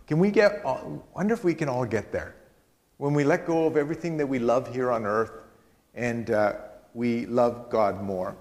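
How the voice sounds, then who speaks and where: A man preaching a sermon as a guest speaker, telling stories earnestly and slowing down for emphasis, in a church hall. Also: medium pitch, a little mellow. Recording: long hall reverb.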